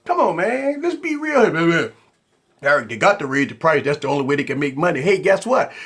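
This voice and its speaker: A male tech host rambles conversationally through a live stream, repeating himself as he chats with viewers. His voice sits high and swings lively up and down. It has a husky grain. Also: brisk. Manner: animated, repetitive, rambling, conversational.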